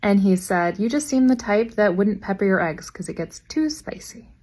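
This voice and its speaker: A young adult woman, a teacher, telling funny classroom anecdotes in a dry, deadpan way and quoting her students. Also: medium pitch, normal speed. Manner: deadpan, wry delivery with quoted student voices. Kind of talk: anecdotal storytelling.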